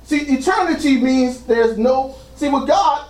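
The preacher, a man whose very high, slightly mellow voice has lively intonation, speaks a little slowly on a distant mic. His sermon in the church sanctuary is dotted with "praise God," met by amens in a roomy space.

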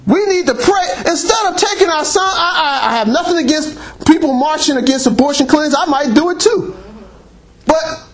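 A male preacher with a strikingly high, very lively voice, swinging through his pitch as he exhorts and tells stories. His delivery is animated and teasing, with a mocking edge. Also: normal speed. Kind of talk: sermon.

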